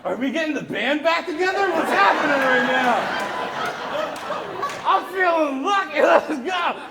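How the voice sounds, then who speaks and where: A Canadian man in his thirties doing live stand-up comedy on a theater stage, animated and profane, working the crowd and breaking into shouts. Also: very high-pitched, measured pace, creaky, very noisy. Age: 30s. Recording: echoey theater with loud crowd laughter. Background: audience laughter.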